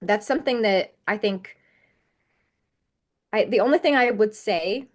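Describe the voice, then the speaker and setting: A woman's voice: medium pitch, a little slow. Earnest woman speaking emphatically as a guest. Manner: earnest and emphatic, piling up repetitions. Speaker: podcast guest. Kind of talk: candid interview conversation.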